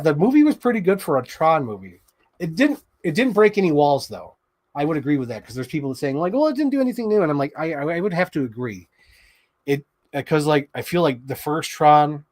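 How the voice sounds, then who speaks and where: A man hosting a toy unboxing show in casual chat, rambling excitedly and swearing freely. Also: medium pitch.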